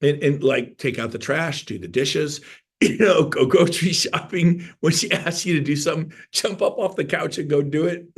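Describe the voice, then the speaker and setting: A middle-aged man giving an energetic, folksy motivational talk to an audience, now and then breaking into loud outbursts. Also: fairly high pitch, moderate pace, breathy edge. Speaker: motivational speaker.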